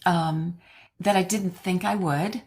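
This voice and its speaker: A woman's voice: fairly low pitch, steady tone, takes it slowly, darkish tone. A woman co-hosting a podcast, talking casually and telling her stories in a heartfelt, reflective way. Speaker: podcast co-host.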